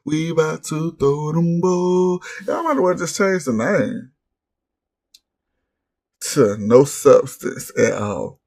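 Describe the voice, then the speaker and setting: A man with a husky, slightly breathy voice hosts a casual recap vlog. He talks in a brash, blunt way, full of profanity and mockery. The sound is dry and close, with no room around it. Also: a little high, lively intonation, slow pace, darkish tone, no echo. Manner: brash, blunt, profane trash-talk with laughs. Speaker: reality TV recap host.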